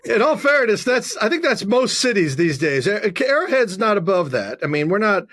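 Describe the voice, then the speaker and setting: A man telling animated stories as a podcast guest, acting out the voices of shouting crowds. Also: sits high, a little fast. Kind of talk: casual podcast storytelling.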